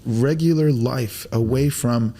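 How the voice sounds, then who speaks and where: A man from the Arab world, guesting on a podcast, tells stories in a relaxed chat at a slow pace with a mid-range voice. He's animated, acts out quotes, and sprinkles in Arabic religious phrases.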